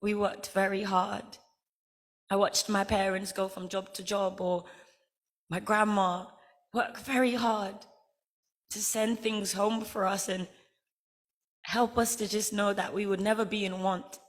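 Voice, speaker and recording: A woman's voice: mid-range voice, fairly even intonation, unhurried, pauses often. Earnest Guyanese woman giving a heartfelt speech. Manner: earnest, heartfelt, emphatic storytelling. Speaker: honorary degree recipient giving an acceptance speech. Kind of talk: ceremony acceptance speech.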